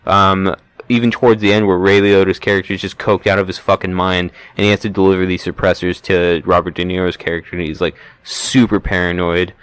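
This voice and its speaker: Low-voiced man in casual podcast chat. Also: level tone, a little fast, fairly bright tone, smooth. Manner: retells movie scenes, puts on mobster voices. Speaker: podcast co-host.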